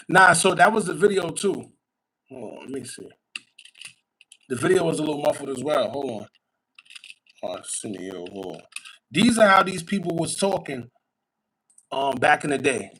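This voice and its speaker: A man's voice: a little high, big pitch swings, unhurried, long pauses, a bit bright, slightly rough, low-quality recording. A man hosting a casual commentary show, talking in a wry, conspiratorial way and tossing out rhetorical questions. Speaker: podcast host.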